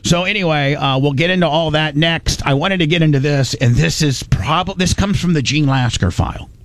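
A man hosts a talk radio show with a slightly higher voice than most. He rambles, jokes and restarts his sentences. The studio sound is dry and close. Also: normal speed, no echo. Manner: rambling, self-correcting, joking. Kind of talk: casual talk radio with ad reads.

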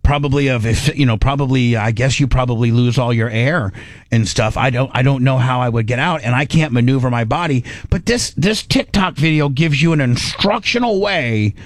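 A man's voice: mid-range voice, normal speed, no echo. A middle-aged man hosting a radio talk show, casually telling a story and acting out his own panicked inner voice. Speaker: radio host.

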